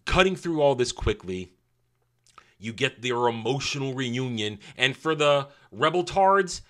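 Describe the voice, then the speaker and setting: A man's voice: mid-range voice, expressive, a little slow, fairly bright tone. A man giving a casual, opinionated show review in a sarcastic, scornful way, with mocking asides.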